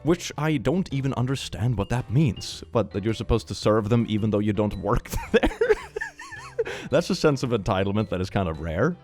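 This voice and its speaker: A man hosting a reaction show, reading posts aloud with playful, theatrical commentary and sudden excited squeals. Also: on the low side. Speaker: host.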